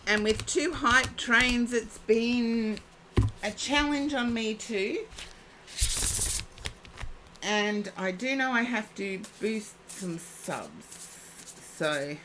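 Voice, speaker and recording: A woman with a fairly high voice gives an oracle card reading on a live stream. She speaks very slowly and unhurriedly, chatting and thinking aloud between cards. A faint hum sits under her voice. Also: lively intonation, bright, forceful tone. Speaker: psychic card reader.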